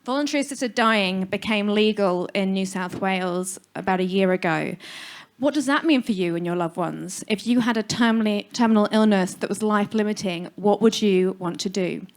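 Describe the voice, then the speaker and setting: A woman's voice: medium pitch, moderate pace. Frank woman giving a talk. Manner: frank, humorous, direct. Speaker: funeral celebrant. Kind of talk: live stage talk. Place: live music venue stage.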